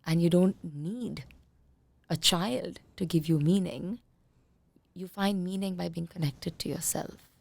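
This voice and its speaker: Woman coaching in a gravelly voice. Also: fairly low pitch, measured pace, dry recording. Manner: calm, coaching tone, acts out parents' voices. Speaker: conscious parenting coach, guest. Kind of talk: podcast interview.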